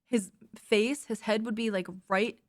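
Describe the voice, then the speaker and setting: A woman's voice: fairly high pitch, fairly even intonation, a little slow, no room sound, studio quality. A young woman streaming, chatting casually with her viewers, giggly and cooing baby talk to her dog.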